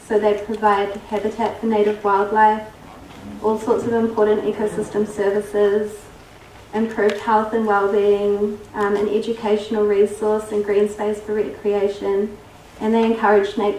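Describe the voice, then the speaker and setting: A woman's voice: mid-range voice, a little mellow, a little hiss or hum. A young New woman presents her research to a workshop audience, her voice getting worn. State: losing her voice. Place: workshop hall. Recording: roomy distant hall recording.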